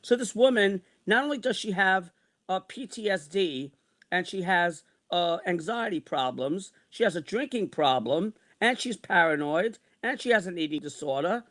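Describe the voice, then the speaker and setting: A man's voice: high voice, animated, moderate pace, fairly bright tone. A man in his sixties ranting angrily and repeating himself, with frequent swearing. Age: 60s. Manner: heated, repetitive, swearing. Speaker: vlogger. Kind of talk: angry personal rant.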